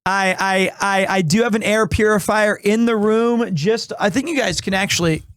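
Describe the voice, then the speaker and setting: A man in his thirties streaming live, chatting casually in a rambling, animated way with restarts, recovering from asthma and clearing his throat. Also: sits high, moderate pace, no echo, studio quality. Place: small home room.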